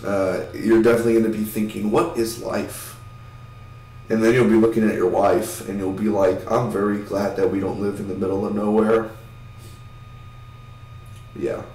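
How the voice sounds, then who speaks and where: A man giving a rambling, casual spoken film review, swearing now and then and acting out scenes in quick voices. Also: fairly low pitch, echoey room, far from the mic, poor audio.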